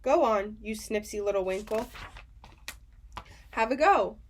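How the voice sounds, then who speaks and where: A woman doing a booming, drawn-out old giant. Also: expressive, a little hiss or hum, close to an everyday voice. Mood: excited. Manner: booming, drawn-out, ungrammatical folksy speech. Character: very old kindly male giant who jumbles words. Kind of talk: audiobook reading.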